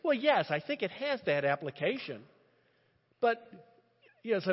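A man preaching a sermon in an impassioned, animated way, often restarting his phrases. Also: a little high, normal speed, long pauses, breathy edge. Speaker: pastor. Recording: muffled sound with long reverb.

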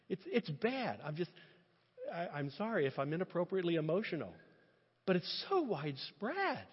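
Impassioned high-voiced male preacher, husky. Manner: impassioned, animated, with halting restarts. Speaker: pastor. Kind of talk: sermon. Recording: muffled sound with long reverb.

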